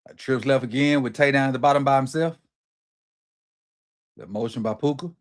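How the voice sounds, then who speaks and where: A middle-aged man hosting a watch party, calling plays live with excited, slangy reactions. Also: medium pitch, brisk. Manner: excited, animated play-by-play reactions with Southern slang. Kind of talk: live football watch-along commentary.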